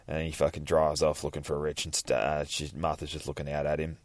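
A man's voice: a bass voice, completely flat delivery, brisk, hardly any pauses, dry recording. A man hosting a podcast, retelling a comic book in a rambling, profane, jokey way. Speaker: podcast host.

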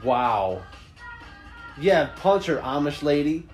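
A man's voice: a little high, slow pace, faint music behind. A man co-hosting a podcast, reacting to videos in casual, profane, wry chat. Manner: wry, swearing, lively reactions. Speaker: podcast co-host. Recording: faint background noise.

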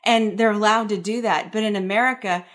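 A woman host in a casual conversation, lively and laughing often. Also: medium pitch, a little fast.

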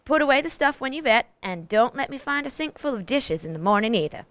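A blunt, bossy old-time cook. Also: female voice, sits high, sing-song, a little fast, a bit bright, no echo. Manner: blunt, folksy, ordering people about. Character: bossy gruff hired cook, a sailor's widow. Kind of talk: 1940s radio acting.

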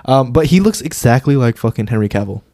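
A man's voice: mid-range voice, lively intonation, fast talker, mellow, dry recording, studio quality. A man co-hosting a casual movie review podcast, loose and jokey, swearing and stumbling over names. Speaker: podcast co-host.

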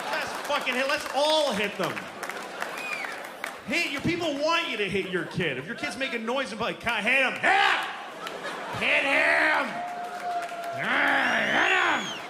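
A man's voice: very high-pitched, noisy background. Exasperated profane stand-up comedian, man. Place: theater stage. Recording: echoey theater, audience laughter.

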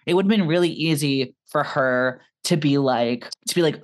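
Young adult, podcast co-host, casual film talk, animated, opinionated, swears. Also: mid-range voice, normal speed.

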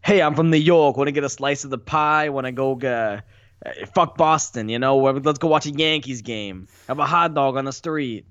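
A man's voice: mid-range voice, moderate pace, fairly bright tone, clean tone, no room sound, lightly acted. A man putting on a clumsy impression of a brash New Yorker, on a dull recording. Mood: boastful. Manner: clumsy put-on accent. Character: brash male New Yorker stereotype, adult. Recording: dull dry lo-fi sound.

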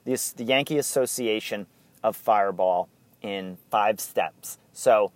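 A middle-aged man, co-hosting a casual podcast and telling rambling stories in excited bursts. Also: on the low side, takes it slowly, no echo. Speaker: podcast co-host. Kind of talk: casual chat.

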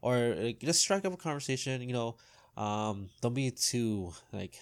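A man's voice: mid-range voice, expressive, unhurried, clear, resonant tone. A man in casual chat as a co-host, laid-back and loose, with many fillers.

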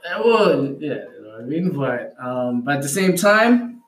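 A man's voice: a little high, normal speed, slight background noise. A man co-hosting a casual podcast chat, telling stories loosely with lots of fillers. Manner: relaxed storytelling, many fillers. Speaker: podcast co-host. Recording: roomy echo.

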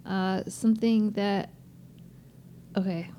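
A woman's voice: medium pitch, fairly even intonation, slow pace, warm tone. A middle-aged woman and mother co-hosting a casual family podcast, gushing and laughing often. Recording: faint background noise.

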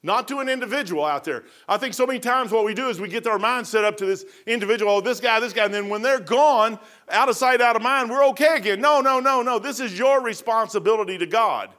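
A man's voice: very high voice, quick pace, a bit bright. A man, preaching a folksy sermon with casual asides and self-mocking humor. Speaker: pastor.

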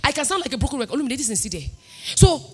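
A Nigerian woman pastor in her thirties preaching a sermon, emphatic and sing-song, swinging between loud declarations and quiet asides. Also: sits high, sing-song, very fast, a little hiss or hum. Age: 30s.

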